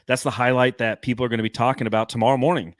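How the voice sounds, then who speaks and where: A man's voice: medium pitch, fairly even intonation, very fast, dry recording. A man hosting a casual sports podcast, talking in a rambling, profane way. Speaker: podcast host.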